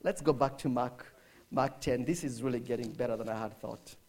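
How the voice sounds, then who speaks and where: A man preaching a sermon, dramatic, dropping to hushed lines and rising to shouts as he acts out the quotes. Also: medium pitch, fairly quick.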